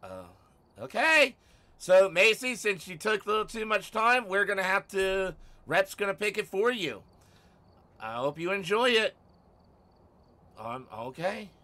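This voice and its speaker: A man live-streaming a game from home, chatting casually with viewers, teasing and swearing, often bursting out loudly. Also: sits high, expressive, unhurried. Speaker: livestreamer.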